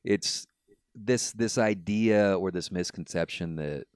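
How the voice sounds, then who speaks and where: A man's voice: deep voice, slow, darkish tone, smooth, dry recording, studio quality. A man in his thirties hosting a casual podcast discussion, talking loosely with restarts and laughing asides. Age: 30s. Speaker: podcast host.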